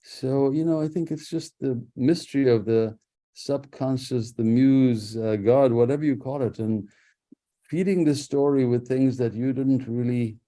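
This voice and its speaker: A man speaking as an author guest on a radio interview, thoughtful and unhurried, with restarts and soft laughs. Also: mid-range voice. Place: radio studio.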